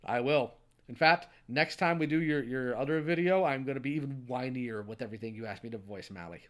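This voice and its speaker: A man's voice: mid-range voice, a little fast, fairly bright tone. Man dryly reading out stream donations. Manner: reads messages aloud, answers with short dry quips. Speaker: streamer host.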